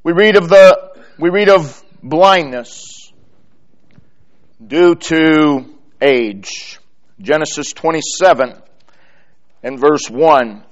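A man preaching a sermon, reading scripture aloud with slow, deliberate pauses and emphatic repetition. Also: a little high. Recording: dull lo-fi sermon recording.

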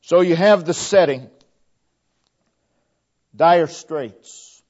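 A male preacher delivers a sermon at an unhurried, deliberate pace, leaning hard on key words before letting each phrase sink quietly. His voice sits a little high for a man. The recording is dull and lo-fi. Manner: slow, emphatic preaching that trails off quietly at phrase ends.

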